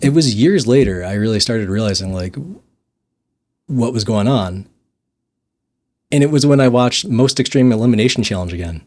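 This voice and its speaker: A man's voice: lowish voice, animated, moderate pace, long pauses, darkish tone. A young man casually telling a story in a monologue, laughing often and restarting his sentences. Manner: rambling, laughs often, restarts and repeats words. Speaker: vlogger.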